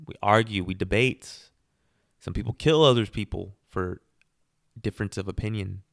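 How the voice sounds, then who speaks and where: A man's voice: lowish voice, moderate pace, vocal fry, no echo, studio quality. Opinionated man hosting his podcast. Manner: opinionated, rhetorical questions, laughs at himself. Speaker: podcast host. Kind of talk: casual solo podcast monologue.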